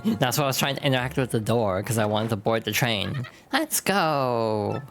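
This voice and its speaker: A woman streamer chatting casually over gameplay, self-deprecating and relaxed. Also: rumbling low, fast, faint music behind. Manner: chatty, self-deprecating, reads game text aloud.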